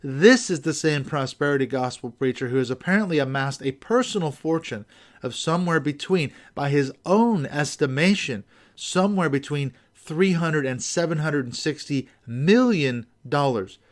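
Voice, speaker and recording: A man's voice: a little high, expressive, moderate pace. Wry skeptical male podcast host. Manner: wry, skeptical, sarcastic asides. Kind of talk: scripted commentary reading quotes.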